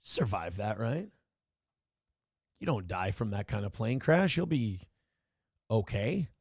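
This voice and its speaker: A man's voice: on the low side, big pitch swings, slow pace, slightly rough. A man hosting a live morning show, joking, swearing freely and reading viewer messages aloud. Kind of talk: casual live-stream talk.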